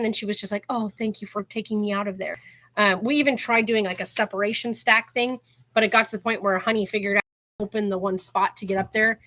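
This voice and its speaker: A woman's voice: medium pitch, pushed and bright. A woman hosting her own channel, telling stories in a casual chat and filling her sentences with "like". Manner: chatty storyteller, heavy use of "like", laughs while telling. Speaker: channel host.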